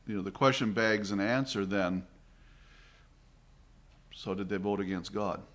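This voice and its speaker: A man's voice: fairly low pitch, a little slow, a bit bright. A Canadian man preaching a sermon in an earnest, reflective way, with frequent restarts and fillers.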